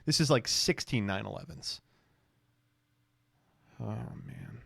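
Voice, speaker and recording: A man's voice: mid-range voice, expressive, takes it slowly, gravelly, long pauses, a bit bright, slightly rough, dry recording, clean studio sound. A man streaming, giving casual, mocking reaction commentary in a rambling way.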